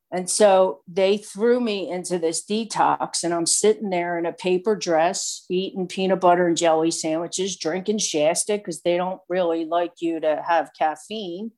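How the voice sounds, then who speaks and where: A woman casually telling a personal recovery story in an animated, chatty way, full of fillers. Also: on the low side. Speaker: speaker sharing a recovery story.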